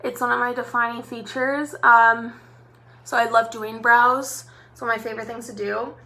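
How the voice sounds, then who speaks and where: A woman's voice: fairly high pitch, little pitch movement, moderate pace, bright, forceful tone. A chatty young woman doing a live makeup tutorial as a makeup artist, talking directly to her viewers in a bubbly way.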